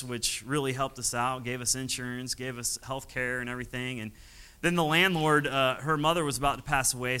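Speaking from the pulpit, a man who serves as a missionary pastor tells his story as testimony, frequently chuckling and imitating the people he quotes. His voice sits in the middle range, pushed and bright, with a clear, resonant tone despite poor audio quality.

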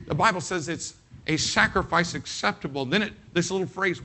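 A man's voice: high voice, fairly quick, sharp tone, a little hiss or hum. A man preaching a sermon as pastor, emphatic and folksy, often repeating his phrases.

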